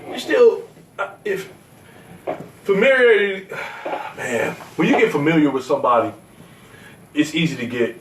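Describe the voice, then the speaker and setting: A fairly high-voiced man hosting a loose podcast conversation, blunt and profane, who acts out bits of stories as he goes. His pitch swings widely. He sits well back from the mic in a room with a roomy echo. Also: animated, normal speed, long pauses, far from the mic, noisy background. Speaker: show host. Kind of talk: casual podcast chat.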